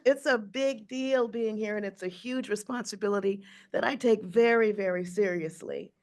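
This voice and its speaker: A woman's voice: mid-range voice, steady tone, normal speed, few pauses, darkish tone. A woman in her sixties, a jazz singer and teacher, telling a personal story in a speech, acting out the voices.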